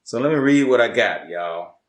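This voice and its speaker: A man co-hosting a casual chat, animated and laughing, with emphatic swings in delivery. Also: lowish voice, normal speed. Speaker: co-host. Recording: roomy room echo.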